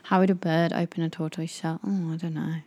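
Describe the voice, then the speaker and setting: A woman chatting casually with a friend, quick to laugh and slip into impressions. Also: low-pitched, little pitch movement, darkish tone. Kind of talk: casual chat.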